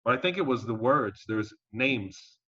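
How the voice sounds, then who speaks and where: A man being interviewed as a guest, telling his story in a casual, animated and emphatic way and swearing now and then. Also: mid-range voice, a little slow. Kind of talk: conversational storytelling. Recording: dull lo-fi audio.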